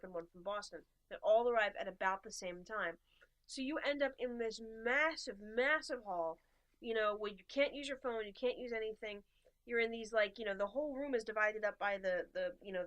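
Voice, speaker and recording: A young American podcast co-host with a medium, somewhat bright voice shares a travel story over casual conversation. She chats freely and brings the dialogue to life with quoted voices.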